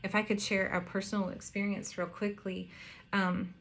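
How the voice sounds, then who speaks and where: A woman pastor preaching a heartfelt, earnest sermon, with pauses and some hesitations. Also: mid-range voice, little pitch movement, creaky, fairly bright tone, slight background noise.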